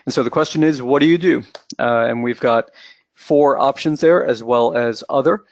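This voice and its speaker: A man's voice: mid-range voice, normal speed, darkish tone, no room sound. A man moderating a webinar, giving friendly, step-by-step instructions for a poll. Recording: dry, dull lo-fi webinar audio.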